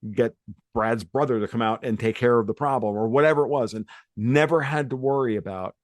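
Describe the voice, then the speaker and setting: A man's voice: mid-range voice, fairly quick, dry recording. A man from New York hosting a podcast, chatting casually in a rambling way with many restarts. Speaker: podcast host. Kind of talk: casual chat.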